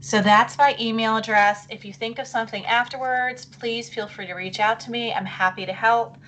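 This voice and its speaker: A middle-aged woman talks teachers through a live online session in a chatty, apologetic way, thinking aloud between clicks. Her a little high, a bit bright voice wavers with fairly even intonation at normal speed, she keeps clearing her throat, and there's slight background noise.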